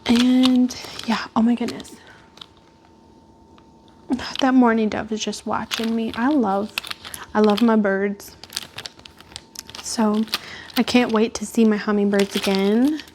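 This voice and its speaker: A woman's voice: mid-range voice, fairly even intonation, a little slow, long pauses, background noise. A woman vlogging at home indoors, chatting in a rambling, casual way with lots of fillers. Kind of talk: casual chat. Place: at home indoors by a glass door.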